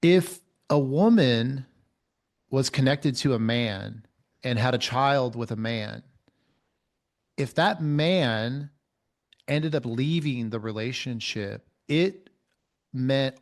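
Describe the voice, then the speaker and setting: A man's voice: mid-range voice, takes it slowly, long pauses. A man speaking as a guest coach on a men's mentoring video call, emphatic and repeating his key phrases. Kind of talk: motivational coaching talk.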